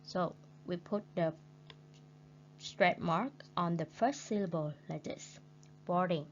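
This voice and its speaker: A woman English teacher with a Vietnamese accent, leading a recorded lesson slowly and repeating words for her learners. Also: fairly low pitch. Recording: dull lo-fi recording with faint hum.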